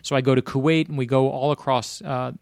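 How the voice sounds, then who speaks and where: A man from Florida, a guest author, telling personal stories in a casual conversation, animated and rushing ahead in bursts. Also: mid-range voice, gravelly, no room sound, studio quality. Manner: animated anecdotes, speeds up in bursts.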